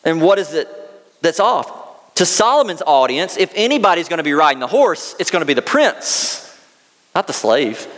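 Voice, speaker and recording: A Southern-accented male pastor delivers a sermon, reading scripture and then breaking into casual, folksy asides. His voice sits a little high for a man. The sound carries a long, lingering reverb, as in a large hall. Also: a bit bright.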